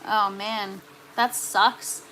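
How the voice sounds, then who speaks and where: Bright, chatty woman livestreaming. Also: medium pitch, flat delivery, very slow, slight background noise, low-quality recording. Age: 30s. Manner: chatty, talks to viewers and reads their comments aloud. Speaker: gardening livestream host. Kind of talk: casual live-stream chat. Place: indoor grow tent at home.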